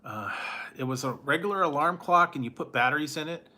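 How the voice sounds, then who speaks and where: Food reviewer, male, loose rambling chat with frequent chuckles; bright, forward tone. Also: a little high, expressive, fairly quick. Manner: rambling, chuckles often between remarks; nostalgic, trails off and restarts. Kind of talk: casual chat.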